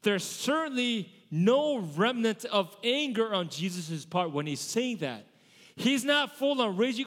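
High-voiced pastor preaching in a reverberant hall. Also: male voice, very animated, normal speed. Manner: conversational, asks the congregation questions. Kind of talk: sermon. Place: church sanctuary. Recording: long church hall reverb.

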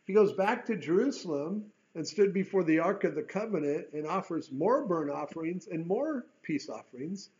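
A man's voice: high-pitched, expressive, normal speed, hardly any pauses, a little mellow, lo-fi sound. A man teaching through a Bible chapter in a conversational way. He reads scripture aloud and breaks off into folksy asides and rhetorical questions.

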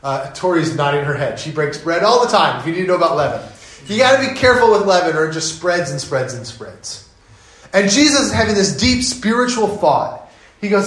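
A man preaching a sermon as pastor, telling it in an animated, conversational way. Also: sits high, moderate pace, roomy sound, low-quality recording.

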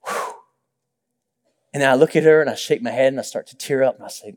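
A man's voice: mid-range voice, fast. A young adult male pastor preaching a sermon, telling stories with acted-out quotes and joking asides. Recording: long reverb of a large hall.

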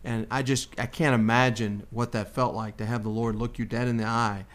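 A man hosting a Bible discussion, teaching conversationally and acting out the quoted lines. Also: a little fast. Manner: animated, acts out quotes with rising pitch. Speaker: Bible study host.

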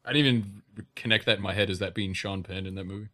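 Male podcast host, low pitch, sharp bright tone, faint noise. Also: steady tone, fast. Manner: laughing, incredulous. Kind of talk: casual comedic banter.

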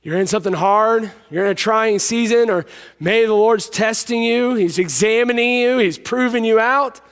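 High-voiced preacher in a reverberant hall. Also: male voice, normal speed, clear, resonant tone. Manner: emphatic, repeats key lines, drops to a hush for stories. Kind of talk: sermon.

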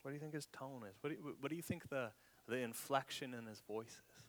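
Speaking fast at a medium pitch, this preacher delivers his sermon with stumbling repetitions as he searches for words. Now and then he sinks dramatically into a whisper.

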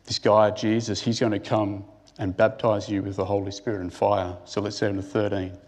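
A man's voice: lowish voice, level tone, moderate pace, a little mellow. A man giving a conversational sermon who asks his listeners questions and thinks aloud with restarts. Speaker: preacher.

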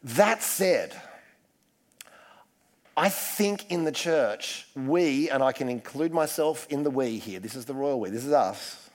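A man's voice: mid-range voice, expressive, slow. A man preaching a casual, self-deprecating sermon full of asides. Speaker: pastor.

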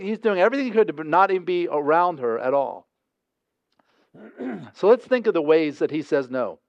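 A man's voice: on the high side, a little mellow, dry recording, highs cut off. A man preaching a sermon in a conversational, emphatic way, acting out quotes as he goes. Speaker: pastor.

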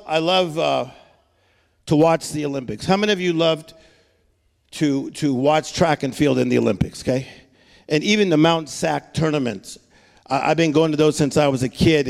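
A man preaching a lively sermon, repeating words, joking with the crowd and shouting for emphasis. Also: a little high, vocal fry, in a large hall. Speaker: pastor.

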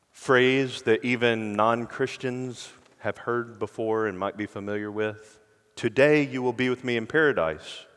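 Man preaching a sermon in a reverberant hall. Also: mid-range voice. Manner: earnest preaching, dropping to hushed emphasis. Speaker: pastor.

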